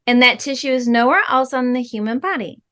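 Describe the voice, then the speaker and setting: Her voice sits high. She is a middle-aged spiritual healing guide fielding interview questions, and her replies come out unhurried, earnest and carefully weighed, softened by quiet fillers.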